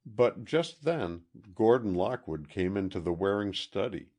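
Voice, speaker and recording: A man narrating a mystery audiobook in a deliberate, expressive reading. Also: fairly low pitch. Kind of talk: scripted narration.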